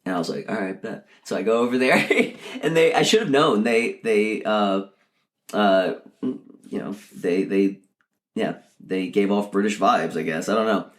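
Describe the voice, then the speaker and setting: Deep-voiced man, rambling and laughing. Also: unhurried. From Texas. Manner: rambling with many fillers and laughs. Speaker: podcast co-host. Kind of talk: casual storytelling chat.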